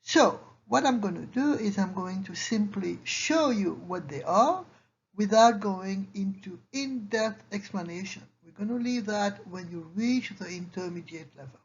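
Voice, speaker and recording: Woman, patient grammar teacher, gravelly edge, slightly muffled recording. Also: medium pitch, expressive, measured pace. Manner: patient, explains each example in English and French, checks in with "okay?". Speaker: French teacher. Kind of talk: slide-based grammar lesson. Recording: slightly dull lo-fi recording with faint hiss.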